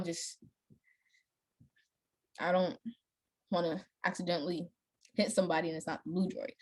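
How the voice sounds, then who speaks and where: A young woman talks in a loose, chatty way while she plays a story game. She rambles from thought to thought, fills the pauses with "um" and "like", and laughs easily at small things. Her pitch sits in an ordinary middle range. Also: husky. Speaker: gameplay vlogger. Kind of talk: casual chat while playing a story game.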